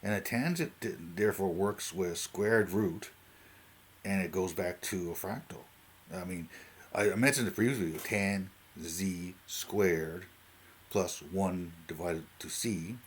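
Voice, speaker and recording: Low-voiced Newfoundland man rambling. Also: a little slow, breathy edge. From Newfoundland, Canada. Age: 40s. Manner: rambling, jumps between tangents, keeps asking "right?". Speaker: vlogger. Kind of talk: unscripted talk to camera.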